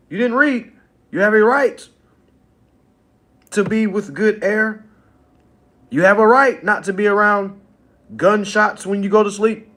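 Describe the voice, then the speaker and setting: A man hosting a casual livestream monologue who talks in an animated way, laughs often and repeats himself. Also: high-pitched. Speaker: livestream host.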